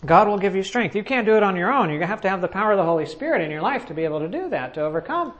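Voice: mid-range voice, expressive, rapid-fire, lo-fi sound. Conversational preacher telling a personal story. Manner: conversational storytelling with frequent restarts; asks the audience questions. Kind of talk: sermon.

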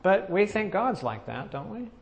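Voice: mid-range voice, big pitch swings, moderate pace, gravelly. Preacher in a sermon: casual storyteller who keeps restarting sentences and quizzes the listeners. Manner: conversational storytelling with frequent restarts; asks the audience questions.

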